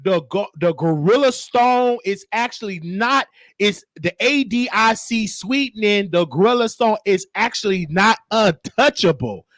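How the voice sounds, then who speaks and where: Male host, Chicago accent, high voice, dry close mic; animated gossip commentary. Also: measured pace, dry recording. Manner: animated, shifts into high shrieking voices for quotes. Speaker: show host. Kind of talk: casual commentary monologue.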